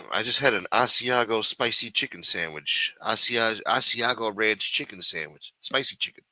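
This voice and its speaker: A man's voice: lowish voice, expressive, moderate pace, bright, forceful tone, no echo. A man hosting a late-night livestream, chatting with viewers in a sing-song voice and full of crude joking banter. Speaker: livestream host.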